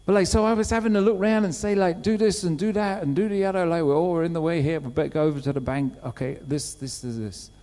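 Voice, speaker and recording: A man preaching a sermon, telling a story with lively acted-out quotes. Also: on the high side, fast, few pauses. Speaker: pastor. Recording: long hall reverb.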